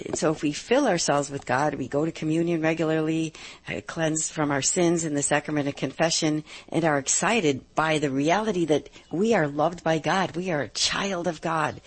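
Upbeat low-voiced woman radio host. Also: steady tone, slightly rough. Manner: upbeat, emphatic, slows for key points. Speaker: radio advice show host. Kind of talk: live call-in radio talk.

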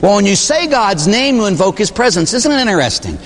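A man's voice: high-pitched, fairly quick. A man who is a Catholic priest, preaching a sermon in a church with jokes and rhetorical questions. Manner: animated, joking, full of rhetorical questions. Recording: long reverb of a large hall.

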